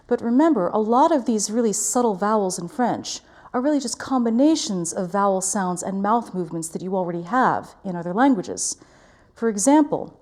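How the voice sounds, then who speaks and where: Woman voice teacher, warm mellow tone, careful precise articulation. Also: mid-range voice. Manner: clear, careful articulation, demonstrating vowels. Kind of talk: diction lesson.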